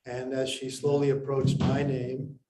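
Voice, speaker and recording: Man from India, storyteller, pausing, unhurried, roomy sound, faint noise behind. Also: mid-range voice. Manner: unhurried, pausing, with lively acted quotes. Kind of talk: personal story told to an audience.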